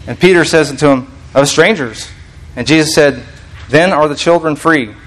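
A man's voice: a little high, moderate pace, a bit bright, low-quality recording. A man preaching a casual teaching sermon, reading scripture aloud and explaining it in a conversational, restarting manner.

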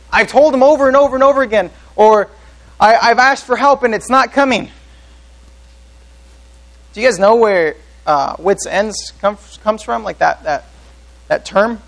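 Pastor, male, high voice, earnest sermon delivery with questions to the room. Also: fairly bright tone, low-quality recording. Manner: earnest preaching, asks the congregation questions.

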